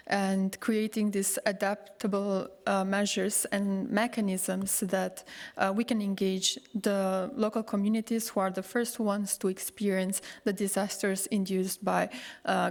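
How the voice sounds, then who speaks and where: Woman on a panel, flat even voice, lots of um and uh, big hall echo. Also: mid-range voice. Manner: hesitant, with many fillers. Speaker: panelist speaking for youth groups. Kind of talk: panel discussion answer. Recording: long hall reverb.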